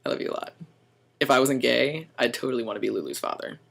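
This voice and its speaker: A man's voice: mid-range voice, fast talker, creaky, a bit bright. A young man vlogging, telling a story in a dramatic, profane way and acting out quoted lines. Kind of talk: animated storytelling.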